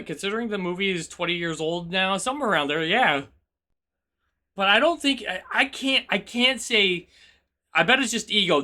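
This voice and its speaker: High, bright-voiced male streamer. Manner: animated, rambling, teasing. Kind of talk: casual game-stream chat.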